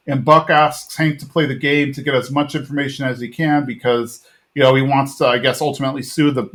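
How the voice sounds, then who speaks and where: A man's voice: mid-range voice, a bit bright. A man hosting a podcast, retelling a TV episode in a casual, rambling way with lots of fillers. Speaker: podcast host.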